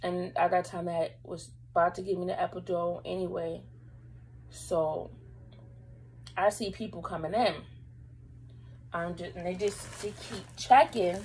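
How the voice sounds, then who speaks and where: A woman's voice: lowish voice, fairly even intonation, a little slow, pauses often, darkish tone, slight background noise, rough recording. A young woman vlogger telling a personal story to camera in a rambling, casual way, fighting back tears at times. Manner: emotional, holding back tears; rambling, lots of fillers.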